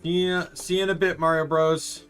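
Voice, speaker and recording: A man's voice: fairly high pitch, level tone, moderate pace, fairly bright tone, clear, resonant tone, soft background music. A man casually commenting while playing a video game, rambling and correcting himself as he goes. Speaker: streamer.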